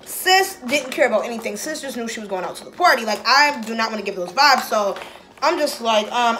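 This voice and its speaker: A woman's voice: a little high, fairly bright tone. A woman vlogger chatting casually to her viewers while getting ready, sassy and talkative, calling them baby and y'all. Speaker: beauty vlogger. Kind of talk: casual get-ready-with-me chat.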